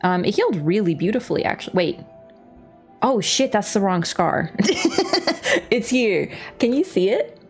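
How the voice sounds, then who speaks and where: A woman's voice: medium pitch, normal speed, faint music behind. A woman streamer casually telling a story during a game livestream, laughing and swearing freely. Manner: lively, laughing, swears casually, acts out voices. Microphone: webcam setup.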